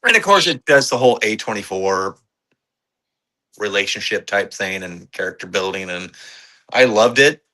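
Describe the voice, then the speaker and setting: A man co-hosting a podcast, reviewing movies in casual, excitable chat, swearing freely and rambling with fillers. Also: fairly low pitch, normal speed, long pauses. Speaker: podcast co-host.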